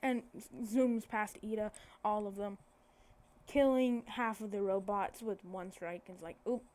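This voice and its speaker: A woman's voice: mid-range voice, steady tone, a little slow, a little mellow. A woman casually telling a made-up fan story, rambling and correcting herself as she goes. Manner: rambling, self-correcting, many fillers.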